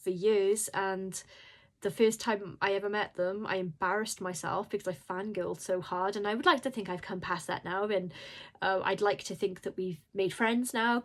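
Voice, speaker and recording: A woman's voice: medium pitch, fairly even intonation, moderate pace. Emotional, rambling woman book vlogger. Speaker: indie horror author and book vlogger. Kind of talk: casual vlog talk.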